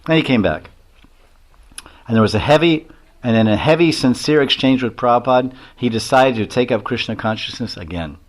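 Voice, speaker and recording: A man's voice: medium pitch, lively intonation, fairly quick. A man giving a devotional lecture as a swami. He tells stories in a rambling way, with many chuckles and acted-out quotes.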